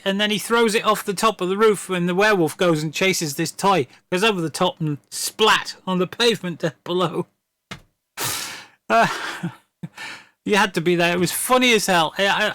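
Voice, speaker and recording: A man chatting on a stream, rambling and repeating his words as he laughs his way through a story. His voice is bright and sits a little high. The sound is close and dry. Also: dry recording. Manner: rambling, stammering storyteller who laughs often. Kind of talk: casual chat.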